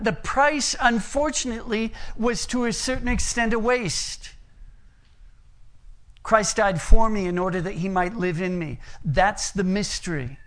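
A man's voice: very high voice, fairly bright tone. Middle-aged man preaching a sermon. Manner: illustrates with a long personal story, plain-spoken with humorous asides.

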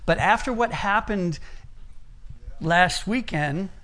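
A middle-aged American man preaches a sermon, earnestly weaving in personal stories. His voice sits high and he takes things slowly, though he varies both his loudness and his pace.

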